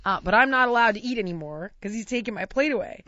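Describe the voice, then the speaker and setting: A woman tells a story in a loose, chatty way, lively and often breaking into laughter as she acts out the voices of others. Her pitch sits in an ordinary middle range. The sound is dry and slightly muffled, like a lo-fi recording. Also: fast talker, no room sound. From United States. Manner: animated, laughing storyteller who mimics voices. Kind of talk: casual anecdote.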